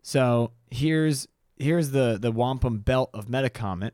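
A man's voice: medium pitch, measured pace, darkish tone, dry recording, studio quality. A man co-hosting a podcast, telling a local legend in a rambling, teasing way. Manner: rambling, teasing, many fillers and restarts. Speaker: podcast co-host. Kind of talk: casual podcast storytelling.

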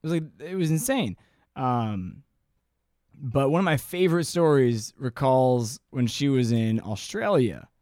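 A man's voice: medium pitch, animated, measured pace, mellow, dry recording. Chatty swearing man on a dry mic. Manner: chatty, swears freely, retells stories. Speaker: podcast co-host. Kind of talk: casual chat.

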